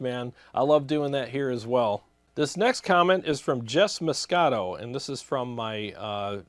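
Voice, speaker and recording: A man's voice: medium pitch, no echo. A man hosting a guitar gear channel, answering viewer comments in a casual, rambling way with many fillers and restarts.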